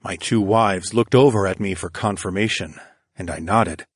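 A man narrating an erotic audiobook in the first person, in a slow, intimate, steady storytelling manner. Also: deep voice, breathy edge, dry recording, studio quality.

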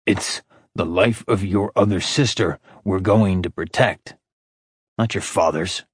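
A man voicing a calm, stoic immortal man who speaks in a dry, flat tone. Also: low-pitched, unhurried, slightly rough, no room sound.

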